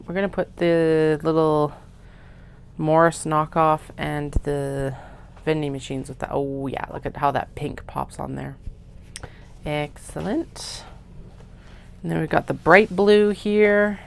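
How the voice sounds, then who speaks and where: Vlog crafter, woman with a low gravelly voice, chatty asides, faint room hiss. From Canada. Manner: chatty, self-mocking, muttering to herself while cutting fabric. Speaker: craft maker. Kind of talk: casual work-along vlog narration. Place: home sewing studio.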